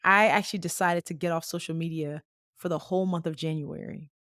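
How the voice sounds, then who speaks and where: Lively storytelling woman in her late 30s. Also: lowish voice, a little fast, no echo, clean studio sound. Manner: lively, conversational, acts out quoted dialogue; casual slang. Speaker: podcast host. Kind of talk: personal storytelling monologue.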